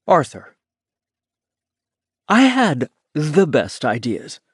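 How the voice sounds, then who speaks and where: A man narrating a first-person novel as an audiobook, reading in an expressive way. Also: on the high side, extremely slow, slightly rough, no echo, clean studio sound.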